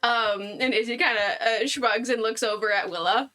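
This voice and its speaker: A woman's voice: on the high side, steady tone, normal speed, bright, forceful tone. A woman player describing her character's actions in a chatty, rambling way. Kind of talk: tabletop game play.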